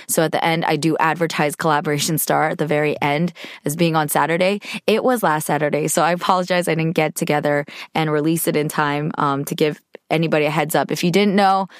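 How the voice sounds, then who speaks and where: Hoarse, tired woman hosting a podcast. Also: deep voice, no echo, clean studio sound. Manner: chatty, candid, rambling with fillers. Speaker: podcast host. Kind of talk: casual podcast monologue.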